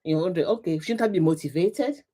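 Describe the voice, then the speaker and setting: Warm-voiced woman hosting a motivational livestream. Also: fairly low pitch, fast talker. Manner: repetitive, emphatic, greets viewers, laughs often. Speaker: livestream host, coach. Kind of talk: live motivational talk.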